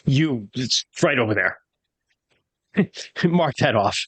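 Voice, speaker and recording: A man's voice: mid-range voice, expressive, slow, a bit bright, breathy edge, no echo. Male game master, rambly narration full of fillers, dead-dry recording.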